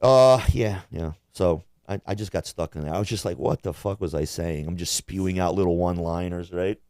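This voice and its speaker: A man with a somewhat low voice rambles through a profane, jokey rant, trading banter with a co-host. The sound is dry and close, with no room behind it. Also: fairly quick, darkish tone, no room sound. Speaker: podcast co-host. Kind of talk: crude casual rant.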